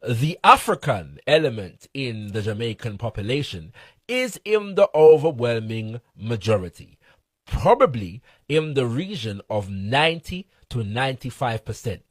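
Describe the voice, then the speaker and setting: A man's voice: medium pitch, very animated, measured pace, dry recording. A man reading a formal scholarly essay aloud with emphatic delivery. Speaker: reader.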